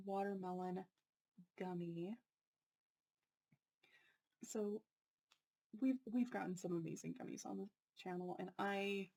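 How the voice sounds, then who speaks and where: A woman hosting her own unboxing channel, talking casually and excitedly about snacks, often apologizing and laughing. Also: mid-range voice, low-quality recording.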